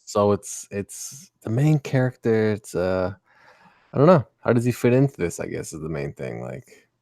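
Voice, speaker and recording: A man's voice: fairly low pitch, expressive, moderate pace, vocal fry, dark tone, no echo. A man chatting on a live stream as co-host, dry-witted and wisecracking. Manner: wisecracking, does goofy voices. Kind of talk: casual live-stream chat.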